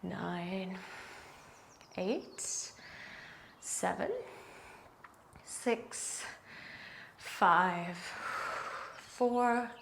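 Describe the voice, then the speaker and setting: A young woman leading a guided yoga class, giving calm, encouraging cues and counting holds aloud. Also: on the low side, drawn-out words, vocal fry, long pauses, a little hiss or hum. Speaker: yoga instructor.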